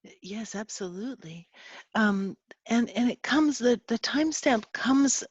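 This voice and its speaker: A woman as a guest expert in an interview, explaining and telling a personal story in an earnest, animated way. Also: on the high side, measured pace, husky, dry recording, highs cut off.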